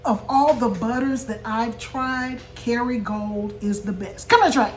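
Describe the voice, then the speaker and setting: A woman's voice: a little high, a little slow, noisy background. An older woman hosting a casual home cooking vlog, chatting to viewers and laughing easily as she talks. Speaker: vlog host. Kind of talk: casual mukbang chat. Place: home kitchen table.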